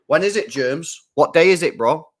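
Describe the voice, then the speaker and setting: A man hosting a live football watch-along, chatting casually in slang, reading out chat and reacting with excited outbursts when the play heats up. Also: fairly high pitch, normal speed.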